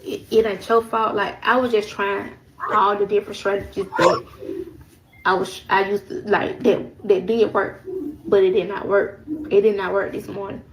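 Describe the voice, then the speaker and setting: A woman's voice: mid-range voice, flat delivery, normal speed. A young woman telling a personal story in a casual, rambling way, using slang and repeating her phrases. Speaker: vlogger. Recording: noisy background hiss.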